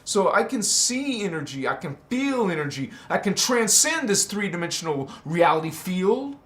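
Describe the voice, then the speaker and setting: A man's voice: high-pitched, very animated, normal speed, a bit bright, echoey room. A man giving a spiritual teaching monologue, preaching in an emphatic, repetitive way.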